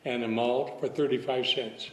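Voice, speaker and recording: A man in his eighties from Southern California, a guest telling stories with relaxed, self-deprecating humor. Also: medium pitch, normal speed. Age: 80s. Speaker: interview guest. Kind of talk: casual interview chat. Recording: echoey hall with long reverb.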